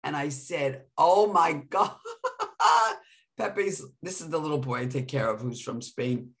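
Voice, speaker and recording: A woman with a New York accent, co-hosting a casual podcast chat and telling stories in an animated way. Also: a bass voice, normal speed. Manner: animated storytelling with laughs. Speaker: podcast co-host.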